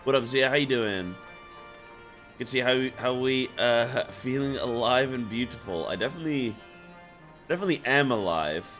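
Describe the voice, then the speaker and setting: A man's voice: mid-range voice, animated, moderate pace, a bit bright, faint music behind. A man streaming a video game, chatting casually with viewers in a laid-back, joking way.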